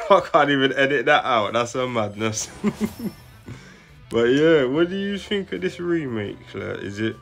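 A young man, giving slang-heavy, excitable commentary straight to his viewers. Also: mid-range voice, unhurried, gravelly, faint music behind. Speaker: gaming channel host. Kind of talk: casual live commentary.

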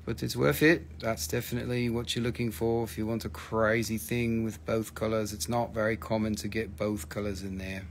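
Gravelly, joking man selling crystals. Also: lowish voice, little pitch movement, moderate pace, few pauses, a little hiss or hum. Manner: joking, profane, rambling. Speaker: live-stream crystal seller host. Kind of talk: casual live sales stream.

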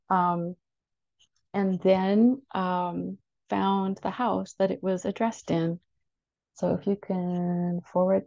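Woman, park historian, seminar talk; low monotone with vocal fry, hesitant, dull call audio. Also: no room sound. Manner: hesitant, many ums and restarts. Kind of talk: slide-based seminar talk.

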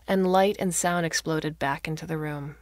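A woman narrator reading a short story aloud in a measured way, giving voices to the characters. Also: deep voice, fairly even intonation, a little mellow, no echo, clean studio sound. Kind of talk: scripted narration.

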